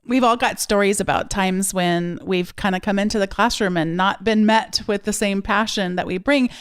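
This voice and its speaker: A woman's voice: mid-range voice, moderate pace, clear, resonant tone, dry recording, clean studio sound. A woman hosting a podcast, speaking reflectively and laughing lightly through her points. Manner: reflective, laughs between words. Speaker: podcast host. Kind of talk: interview conversation.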